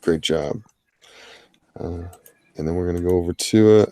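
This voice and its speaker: Man, deep voice, dry close sound, casual stream host, rambling, jokey. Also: normal speed, mellow, no room sound. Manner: rambling, filler-heavy, jokey asides. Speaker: livestream host of a drawing challenge. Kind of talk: casual livestream commentary.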